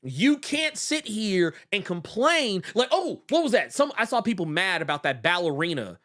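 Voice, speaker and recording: Lively, animated podcast host. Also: male voice, high voice, normal speed. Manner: animated, excitable, trails off and restarts, slangy. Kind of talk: casual pop-culture chat.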